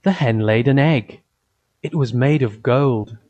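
A man reading a simple fairy tale aloud for children, in an even storytelling way. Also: mid-range voice. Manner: slow, simple, evenly paced storytelling. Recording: dull lo-fi recording.

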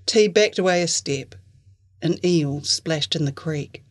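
A woman author reading a passage from her own novella aloud. Her delivery is even and clear, paced like a steady storyteller. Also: deep voice, unhurried. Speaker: author reading their work. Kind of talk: fiction reading.

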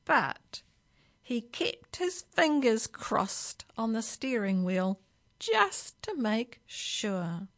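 A woman reading a children's story aloud for a library, with slow, expressive storytelling. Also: on the high side. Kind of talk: reading a picture book aloud.

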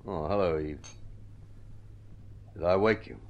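An actor playing a weary, defeated man in a vintage radio drama, terse and flat-spoken. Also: low voice, unhurried, creaky, muffled recording, slight background noise. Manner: flat and terse, flaring up when stung.

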